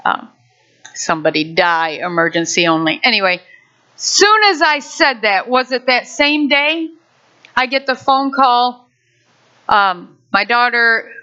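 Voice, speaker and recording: A middle-aged woman telling a personal faith testimony, animated and acting out what people said. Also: mid-range voice, clean tone, lo-fi sound. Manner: animated storyteller, acts out quotes.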